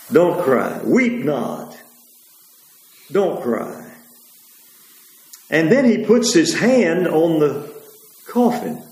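A man preaching a sermon in a rambling way, pausing on fillers and correcting himself as he goes. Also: on the high side, darkish tone, reverberant, poor audio.

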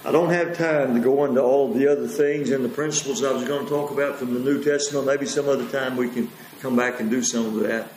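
A man preaching a sermon in a rambling way, pausing on fillers and correcting himself as he goes. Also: medium pitch, steady tone, a little mellow, reverberant, slight background noise, rough recording.

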